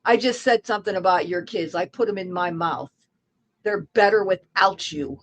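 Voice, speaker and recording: A woman's voice: lowish voice, moderate pace, poor audio. A woman in a heated online argument who repeats herself in a taunting, contemptuous way.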